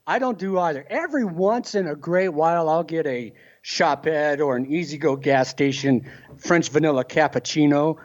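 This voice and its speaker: A man's voice: on the high side, moderate pace. A man co-hosting a casual podcast, blunt and brash in his jokes. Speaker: podcast co-host. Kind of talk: casual chat.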